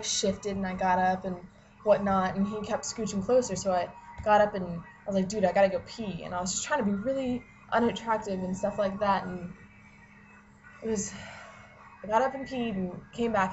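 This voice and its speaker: A woman's voice: mid-range voice, moderate pace, darkish tone, dull audio, slight background noise. Young woman ranting, swearing a lot. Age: young adult. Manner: profane, heavy use of "like", exasperated. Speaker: college student vlogger. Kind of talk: casual ranting vlog.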